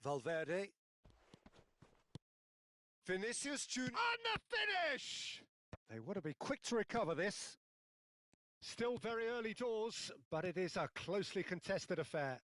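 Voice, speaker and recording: Excitable high-voiced male football commentator. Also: moderate pace, no room sound. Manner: excitable, shouts on goals and shots. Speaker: play-by-play commentator. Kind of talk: video game football commentary.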